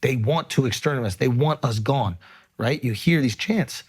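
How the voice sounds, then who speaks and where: A man's voice: medium pitch, moderate pace, husky. A man hosting a podcast, talking in an earnest, emphatic way with frequent swearing. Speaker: podcast host. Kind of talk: casual podcast chat.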